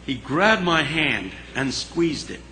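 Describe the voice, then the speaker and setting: A man recounts a story in a sermon, animated and dramatic, sinking into a hushed tone at the tense moments. His voice sits a little high and sounds gravelly and very bright, with faint background noise under it. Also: slow pace, low-quality recording. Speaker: speaker.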